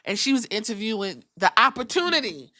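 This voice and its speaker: A woman's voice: a little high, sing-song, a little fast, sharp tone. A woman hosting a casual wrestling recap podcast, sassy and profane, acting out the people she talks about in put-on voices. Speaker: podcast host.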